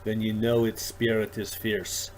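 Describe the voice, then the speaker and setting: A man's voice: on the low side, measured pace, slight background noise, close to an everyday voice. A man voicing an eccentric old male alien shopkeeper who mutters to himself and rambles. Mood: longing. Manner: dithering, excitable, childlike. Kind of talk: audiobook character voice.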